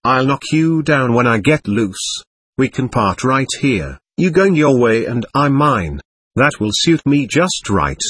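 A man reading aloud the lines of a quick-tempered, stubborn male spirit in a séance record, defiant and threatening. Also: mid-range voice, sing-song, a bit bright, husky, no echo, heavily acted.

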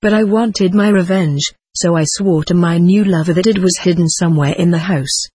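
Husky woman reading a story. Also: on the low side, moderate pace, mellow, dry recording. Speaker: audiobook reader. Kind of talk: first-person story narration.

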